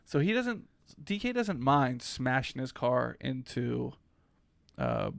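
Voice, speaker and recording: A man's voice: mid-range voice, wildly swooping pitch, takes it slowly, creaky, no room sound. A man co-hosting a podcast, chatting easygoingly about a film and agreeing often with his partner. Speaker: podcast co-host. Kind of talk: casual film breakdown chat.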